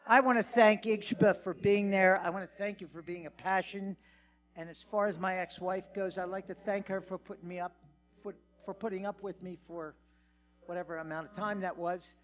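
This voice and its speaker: A man's voice: sits high, dull audio. A man giving a humorous award acceptance speech at a banquet, telling a self-deprecating story with jokes. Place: banquet hall.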